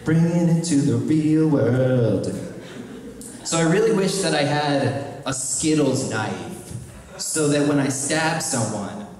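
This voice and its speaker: A man's voice: a little high, takes it slowly. Young man doing stand-up, far off in an echoey room. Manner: deadpan absurd one-liners, shouted animal voices. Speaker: stand-up comedian. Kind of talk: stand-up comedy set. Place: small live venue with audience. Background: audience laughter.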